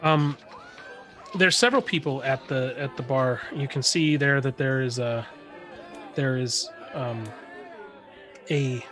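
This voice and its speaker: Halting male game master. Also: mid-range voice, sharp tone, faint music behind, some chatter behind. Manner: halting, many fillers and restarts. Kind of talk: narrating a tabletop game.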